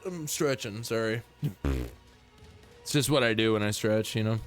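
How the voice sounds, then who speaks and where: A young man streaming a game, chatting casually and jokily, now and then yelping high or humming silly tunes. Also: normal speed, pauses often. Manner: laid-back, jokey, breaks into high yelps and silly humming. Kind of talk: casual gameplay commentary. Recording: faint music in the background.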